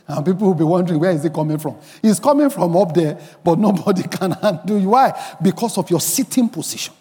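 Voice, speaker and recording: A man preaching a sermon as pastor, emphatic, rising to shouts and bursts of song. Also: sits high, lively intonation, brisk, big-room sound. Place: church.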